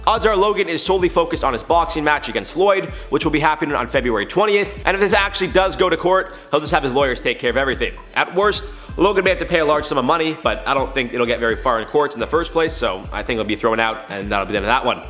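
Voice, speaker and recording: A man delivers casual news commentary at a rapid clip, chatty and opinionated throughout. His voice sits a little higher than most men's. Faint music plays underneath. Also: animated, a bit bright. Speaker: YouTube news commentary host.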